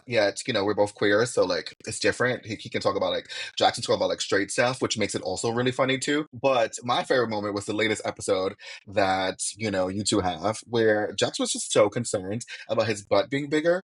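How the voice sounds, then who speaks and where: A man co-hosting a podcast, chatty and affirming, often chiming in with quick agreement. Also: lowish voice, slightly rough. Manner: chatty, affirming, fills with yeah. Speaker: podcast co-host. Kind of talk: casual podcast chat.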